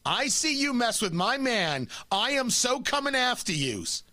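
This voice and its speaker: A man's voice: extremely high pitch, big pitch swings, unhurried, sharp tone, no echo, voice pushed up, heavily acted. A man mimicking a brash, angry young wife with a mocking, swaggering delivery.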